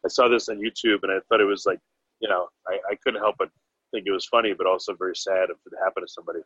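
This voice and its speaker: A man's voice: low-pitched, steady tone, rapid-fire, fairly bright tone, slightly rough, no room sound, dull audio. A man interviewing a guest, asking questions in a casual, hesitant way.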